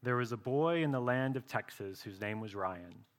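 A male pastor preaching a sermon earnestly, often dropping to a soft, slow voice for emphasis. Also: mid-range voice, animated.

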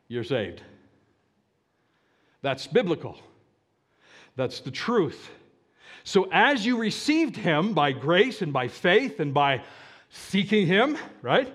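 Man, preacher, sermon, unhurried, questions for the listeners. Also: sits high, fairly bright tone. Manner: asks the audience questions, slow deliberate emphasis. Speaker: pastor.

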